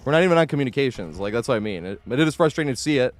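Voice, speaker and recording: A man commentating his own live gameplay stream in a chatty way, shouting at the game when it goes wrong and then apologizing, and thanking viewers as he plays. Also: medium pitch, expressive, racing.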